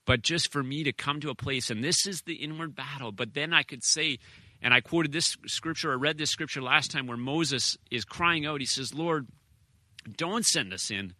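Guy pastor in his 30s, earnest personal sermon, lots of restarts, bright tone, dead dry sound. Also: a little high, no echo. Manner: personal, earnest, halting with restarts and short laughs.

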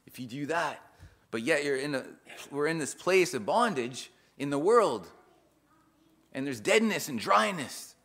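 A man preaching an informal sermon in an earnest way, reading scripture aloud and explaining it with restarts, his loudness rising and falling for emphasis. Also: fairly high pitch, sing-song, unhurried.

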